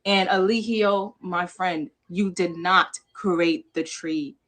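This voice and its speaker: This New York-born woman, whose accent is Jamaican-American, talks at a slow, steady pace in a fairly low, slightly bright voice. She's impassioned on a livestream panel, repeating herself for emphasis and cursing casually.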